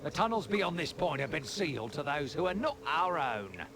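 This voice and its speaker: Brief: rough British thief guard, middle-aged, higher pitched and lively, noisy game audio. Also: male voice, moderate pace. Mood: gruff warning. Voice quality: rough folksy dialect, calls people lad. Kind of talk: game voice acting.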